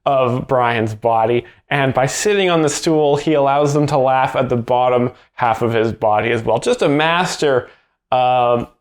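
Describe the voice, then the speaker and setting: Guy deadpan explaining jokes like it's serious analysis, normal pitch. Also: measured pace. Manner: earnest mock-serious analysis. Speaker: host, mock joke explainer. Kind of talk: deadpan parody commentary.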